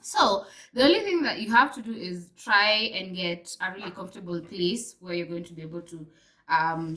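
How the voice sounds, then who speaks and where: A woman's voice: fairly low pitch, poor audio. Chatty Kenyan woman vlogging. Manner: chatty, switches between English and Swahili; animated storyteller, mixes in fillers. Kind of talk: casual chat to camera.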